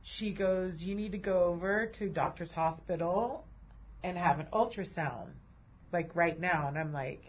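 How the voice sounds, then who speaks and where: A woman with a fairly low, slightly rough voice speaks a little slowly over dull-sounding audio. She's a host and breast cancer survivor sharing her own story in an emotional conversation, quick to laugh and quick to tear up.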